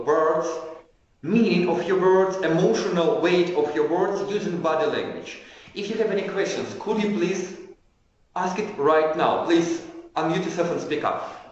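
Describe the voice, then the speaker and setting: A male trainer giving an online lecture. He explains as he goes, often stops to restart a phrase, and demonstrates changes of pitch and pace with his own voice. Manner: halting, frequent restarts. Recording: echoey room, dull lo-fi sound.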